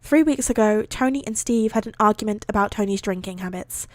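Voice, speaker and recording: A woman's voice: medium pitch, a little fast, no echo, clean studio sound. A woman streamer reading fan fiction aloud on a live stream, giggling and breaking off to react. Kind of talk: live-stream read-aloud with chatty asides.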